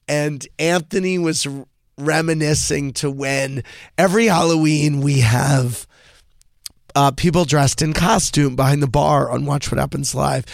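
Middle-aged guy host gossiping casually, kinda high voice w some gravel, lots of ums. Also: fairly even intonation, normal speed, no room sound, clean studio sound. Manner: chatty, gossipy storytelling with frequent fillers. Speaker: podcast host.

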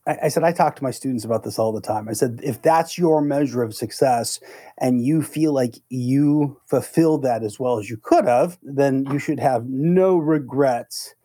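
A middle-aged man co-hosting a podcast, telling a story in a casual, animated way and acting out the lines he quotes. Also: medium pitch, normal speed, no echo. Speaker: podcast co-host; negotiation instructor.

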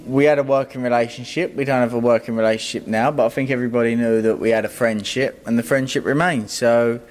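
A man, a boxing trainer, answering interview questions in a guarded, measured way, often repeating his phrases. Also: mid-range voice, fairly even intonation, slight background noise.

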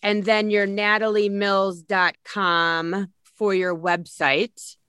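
A woman's voice: medium pitch, little pitch movement, slow, a bit bright, clean tone, no echo, studio quality. A woman hosting a podcast, chatting with enthusiasm and gushing over her guest. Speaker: podcast host. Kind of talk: casual interview chat.

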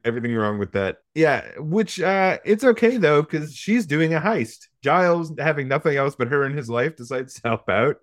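A man's voice: fairly high pitch, animated, normal speed, hardly any pauses, no room sound, clean studio sound. A man hosting a podcast, giving a casual, profane, wry recap of a film's plot with joking asides. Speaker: podcast host recapping a film. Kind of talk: casual comedic film recap.

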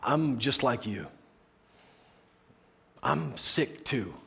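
A man preaching a sermon as pastor in a conversational way, often dropping to a soft, hushed tone. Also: mid-range voice, animated, very slow, vocal fry. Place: church sanctuary.

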